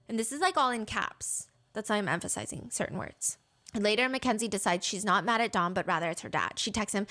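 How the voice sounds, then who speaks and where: A woman's voice: mid-range voice, brisk, pushed and bright. A woman telling a story casually, reading text messages aloud, with sass and lots of swearing. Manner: swears freely, reads texts aloud with sass.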